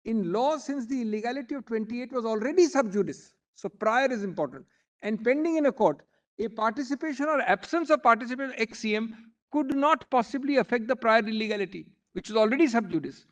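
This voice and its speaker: A man's voice: extremely high pitch, expressive, fairly quick. A man with an Indian English accent arguing formally and emphatically before a bench as a senior advocate, often addressing the judges as my lords. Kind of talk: courtroom argument.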